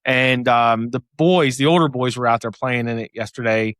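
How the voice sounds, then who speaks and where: A man in his thirties co-hosting a casual parenting podcast, telling relaxed stories. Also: mid-range voice, moderate pace, clear, resonant tone, dry recording, studio quality. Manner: relaxed storytelling, animated quotes. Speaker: podcast co-host. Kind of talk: casual chat.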